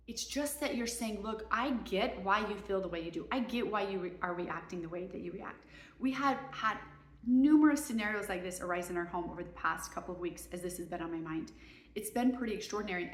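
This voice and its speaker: A woman's voice: mid-range voice, roomy sound. A woman, a mother and parenting coach, giving earnest, emphatic advice in a casual talk to camera. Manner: earnest, emphatic, voices kids and parents in quick asides.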